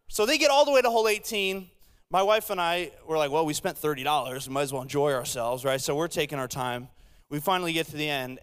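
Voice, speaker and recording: A man in his thirties preaching to a congregation in a light, self-mocking storytelling manner. His voice sits a bit high for a man, and he keeps breaking off to tease the listeners with jokes. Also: big-room sound. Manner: self-deprecating, jokey, playful asides to the audience. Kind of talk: humorous sermon storytelling.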